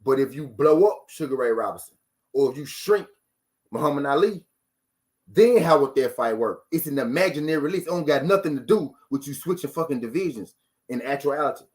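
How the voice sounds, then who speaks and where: A man's voice: on the high side, animated, brisk, a little mellow. A man hosting a boxing talk stream, ranting casually to his viewers with profanity, rhetorical questions and lines repeated for emphasis.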